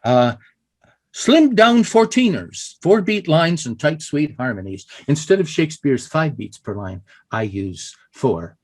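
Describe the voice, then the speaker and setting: Male lecturer, husky, lively pitch, halting and playful, teaching over a video call. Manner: halting, many fillers and restarts, playful demonstrations. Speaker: poetry lecturer. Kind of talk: informal online lecture.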